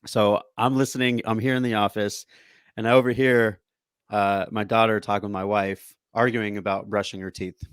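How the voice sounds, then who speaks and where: Animated man hosting a podcast. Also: fairly low pitch, normal speed, smooth, no echo, studio quality. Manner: animated storyteller, laughs often. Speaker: podcast host. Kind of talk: casual podcast conversation.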